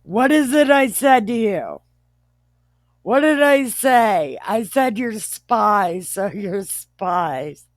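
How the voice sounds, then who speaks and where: A woman playing a scornful, shouting governor. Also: on the low side, expressive, extremely slow, few pauses, dry recording, clean studio sound, exaggerated voice. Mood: mocking. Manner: shouting, mocking, profane. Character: scornful young male governor, mocking and bullying.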